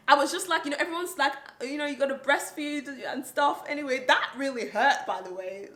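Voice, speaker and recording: A woman from Nigeria in her thirties, telling a candid, animated personal story in a vlog, laughing and swearing freely. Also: high-pitched, brisk, few pauses, reverberant. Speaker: vlogger.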